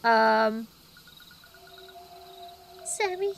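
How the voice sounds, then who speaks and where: A woman's voice: on the high side, animated, very slow, faint music behind. A woman streamer reading a game's dialogue aloud with playful reactions. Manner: reads lines with playful reactions.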